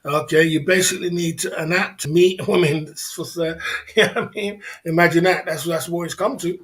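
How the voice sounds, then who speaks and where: A man's voice: fairly high pitch, steady tone, fairly quick, a bit bright. A man hosting a casual livestream, rambling, repeating his phrases and reading out chat comments. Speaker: livestream host.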